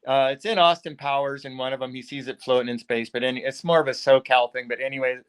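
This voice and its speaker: A man's voice: mid-range voice, steady tone, quick pace, smooth. A man as a podcast guest, telling stories in a rambling way with lots of chuckles and filler words. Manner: rambling, chuckling, says "like" and "dude". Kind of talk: casual interview storytelling.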